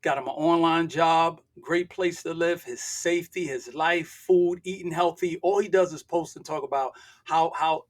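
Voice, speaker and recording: A man's voice: a little high, fairly even intonation, normal speed, hardly any pauses. An older man from the United States, a guest on an interview show, talking emphatically and preaching with rhetorical questions. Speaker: guest, real estate investor. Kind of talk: casual interview talk.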